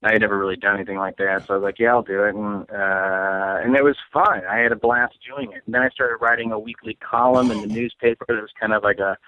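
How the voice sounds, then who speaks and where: Rambling comedian on a tinny phone-like line. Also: male voice, on the low side, steady tone, fast talker, hardly any pauses. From Saint Louis, USA. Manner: rambling, heavy on fillers, laughs often. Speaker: comedian guest. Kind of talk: casual comedic chat.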